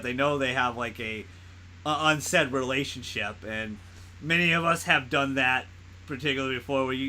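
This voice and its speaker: A man's voice: mid-range voice, bright, forceful tone. A man co-hosting a podcast, rambling through a casual movie chat with lots of laughing and swearing. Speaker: podcast co-host.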